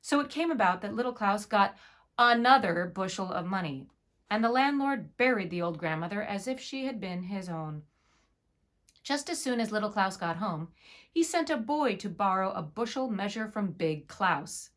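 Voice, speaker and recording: Woman reading a fairy tale out loud, expressive, dry little asides. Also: medium pitch, moderate pace. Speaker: storyteller.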